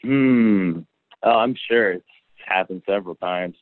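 A young man with a low voice talks casually, acting out the people in his stories. The sound is dry and tinny, as if it came over a phone line. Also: unhurried, no room sound. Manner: relaxed storyteller, acts out quoted lines. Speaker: guest, professional wrestler. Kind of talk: casual interview chat.

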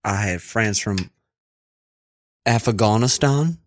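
A man playing a shifty male pizza tycoon posing as a Belgian gentleman, evasive and sleazy, calling everyone boy, in an improvised comedy sketch. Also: lowish voice, slow, dry recording. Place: studio.

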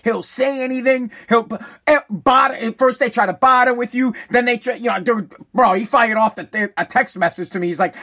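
Guy with a pretty high voice, rambling and cursing, repeats stuff a lot, talk show monologue. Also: brisk, few pauses, sharp tone. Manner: rambling, profane, repeats himself, emphatic. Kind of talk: casual monologue storytelling.

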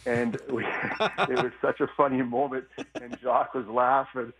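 A former hockey player calling in as a radio guest, telling stories in a relaxed, easygoing way with lots of fillers. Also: male voice, medium pitch, moderate pace, noisy background. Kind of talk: casual phone interview. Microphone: phone line. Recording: tinny phone line.

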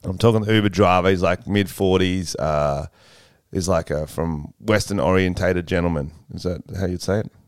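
A young Australian man chats on a podcast, his voice smooth, low and resonant. He tells stories in a loose, laid-back way, swearing often and breaking into laughs. The sound is close and dry. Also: moderate pace, no room sound. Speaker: podcast co-host. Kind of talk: casual chat.

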